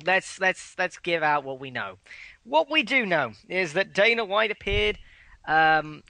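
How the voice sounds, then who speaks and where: A man's voice: high-pitched, sharp tone, no echo. A man co-hosting a casual podcast chat, recapping news bluntly and swearing freely. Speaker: podcast co-host.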